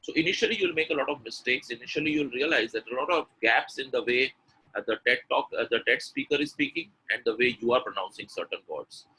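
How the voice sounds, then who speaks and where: A man's voice: medium pitch, fast talker, bright, forceful tone, slightly rough, poor audio. A man teaching pronunciation in an online webinar, explaining patiently and acting out example sentences. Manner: explanatory, repeats example sentences with exaggerated intonation. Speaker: English pronunciation coach.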